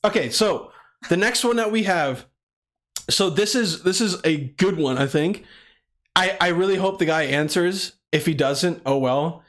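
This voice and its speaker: A man's voice: high-pitched, expressive, unhurried, a bit bright. A man co-hosting a casual podcast, talking in a rambling way and swearing casually. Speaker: podcast co-host. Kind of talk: casual chat.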